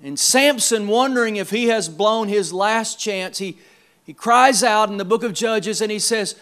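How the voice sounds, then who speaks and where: A male pastor preaching a sermon in a church service, emphatic, repeating words and swinging between quiet and loud. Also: high-pitched, measured pace.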